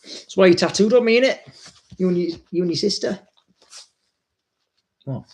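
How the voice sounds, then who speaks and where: Blunt, sweary dog trainer. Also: male voice, high voice, moderate pace, creaky. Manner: swears freely, blunt and chatty. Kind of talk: casual chat.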